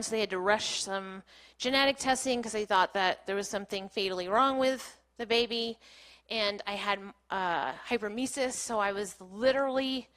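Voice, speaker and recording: A woman's voice: medium pitch, a bit bright. A woman in her thirties giving a candid storytelling talk on a small stage, laughing often and saying "like" a lot. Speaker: keynote speaker.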